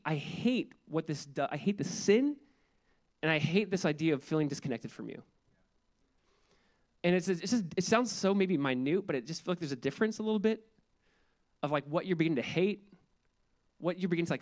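A man's voice: on the high side, fairly quick. A man preaching a sermon as pastor, in an earnest, conversational way, acting out inner prayers in quoted asides.

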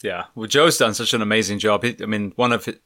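A man's voice: lowish voice, quick pace, pushed and bright, no room sound, studio quality. A man hosting a casual interview, making thoughtful, fluent remarks.

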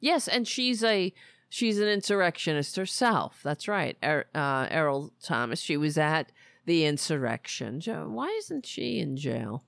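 A woman's voice: low-pitched, big pitch swings, unhurried, gravelly, no echo, clean studio sound. A woman hosting a political commentary podcast, talking in a sarcastic, mocking way. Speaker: podcast host.

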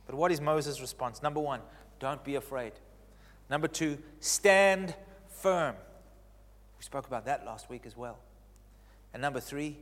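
A man preaching a sermon as pastor, stressing key phrases by repeating them and swinging between loud declarations and hushed lines. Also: on the high side, measured pace, big-room sound.

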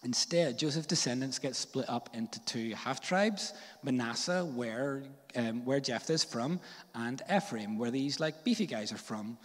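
A man's voice: medium pitch, animated, measured pace, in a large hall. A man from Northern Ireland with a Northern Irish accent, preaching a sermon in a casual, jokey storytelling way with slang and fillers. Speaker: pastor. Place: church.

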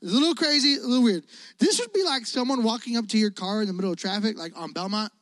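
A man preaching a casual, energetic youth sermon, telling stories and asking his listeners questions. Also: high voice, quick pace, no echo. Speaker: youth pastor.

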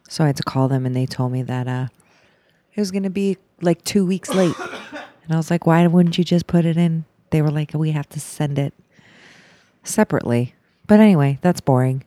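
A woman's voice: low-pitched, normal speed, warm tone, dry recording. A young woman co-hosting a podcast, chatting casually and rambling on with frequent laughs. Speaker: podcast co-host. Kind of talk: casual chat.

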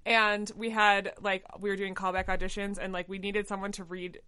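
A woman co-hosting a podcast, reacting with jokes in casual, animated chat. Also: mid-range voice, moderate pace, clean tone. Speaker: podcast co-host.

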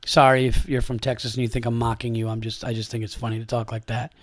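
A man's voice: mid-range voice, level tone, fast, a little mellow, no echo, clean studio sound. A man from upstate New York hosting a comedy podcast in casual chat, rambling and profane, with lots of fillers.

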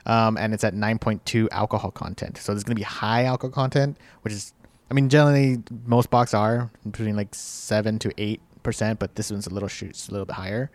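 Low-voiced man explaining beer. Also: brisk, dry recording. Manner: hesitant, with fillers and restarts. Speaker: podcast co-host. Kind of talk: casual chat.

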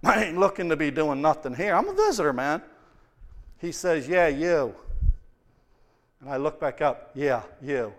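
Male preacher, high voice, impassioned and conversational, long church reverb. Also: very animated, a little slow, pauses often. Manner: impassioned, conversational storytelling with rising emphasis. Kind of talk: sermon. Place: church sanctuary.

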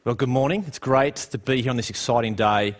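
A man preaching a sermon in a church in a conversational way, posing rhetorical questions and dropping low and quiet on the darker points. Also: fast talker.

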